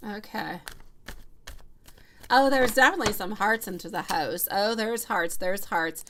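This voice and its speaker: A woman's voice: mid-range voice, unhurried, a bit bright, a little hiss or hum. A woman giving a live tarot reading, chatty and affectionate, calling viewers sweetie and love between giggles. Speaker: tarot reader.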